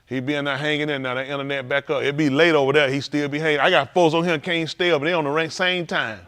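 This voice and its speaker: A man's voice: a little high, fast talker. A man hosting a livestream, talking casually and joking, acting out quoted voices. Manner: animated storytelling, acting out quoted voices, laughing. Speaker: livestream host at a congregation.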